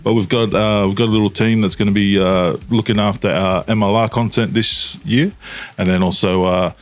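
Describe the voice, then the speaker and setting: Hesitant Australian bloke on a podcast. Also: male voice, lowish voice, fairly even intonation, normal speed. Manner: hesitant, lots of fillers, swearing. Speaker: podcast co-host. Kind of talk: casual banter.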